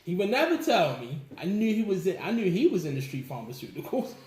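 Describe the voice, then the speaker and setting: A man telling stories as a guest in a casual interview, animated, laughing often and acting out what people said. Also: sits high, fast. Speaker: musician guest. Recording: echoey room with faint background noise.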